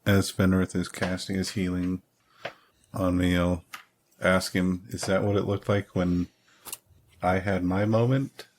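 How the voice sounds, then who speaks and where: A man's voice: sits low, little pitch movement, measured pace, pauses often, a little hiss or hum. A man playing a ranger in a tabletop game, chatting casually. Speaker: player.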